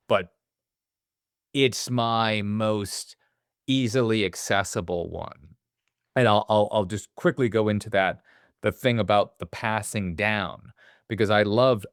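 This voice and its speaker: A man co-hosting a casual movie podcast, animated, swearing freely and acting out quotes in little voices. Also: on the low side, no room sound, studio quality. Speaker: podcast co-host.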